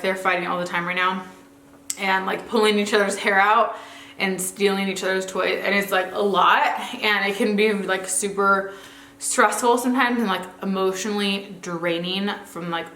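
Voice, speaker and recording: A woman's voice: mid-range voice, fairly bright tone, slight background noise. A young woman vlogger chatting casually to camera at home, full of fillers and asides. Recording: roomy echo.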